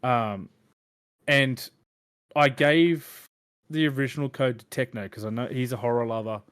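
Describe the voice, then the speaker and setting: A man's voice: medium pitch, a little slow, fairly bright tone, clear, resonant tone. A man hosting a podcast, chatting loosely about video games with lots of fillers. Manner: rambling, filler-heavy gamer chatter. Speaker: podcast host. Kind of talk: casual chat.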